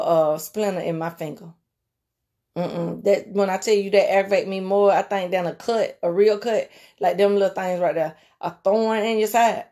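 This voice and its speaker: Speaking in a medium-pitched voice, a woman preacher delivers a casual sermon with a folksy touch. She addresses her listeners as "honey" and slips into quietly murmured prayer.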